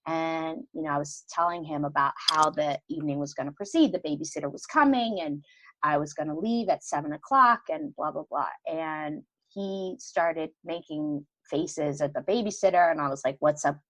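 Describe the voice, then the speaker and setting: A woman's voice: low-pitched, normal speed, no room sound, poor audio. A middle-aged woman, a podcast guest, telling a personal story in casual conversation and acting out the dialogue she quotes. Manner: animated, acts out quoted dialogue.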